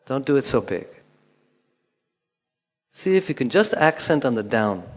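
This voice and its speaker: A man with a lively pitch leads a guided movement lesson as the class's teacher. He's calm and instructive, pausing and counting aloud, and a long hall reverb surrounds his voice.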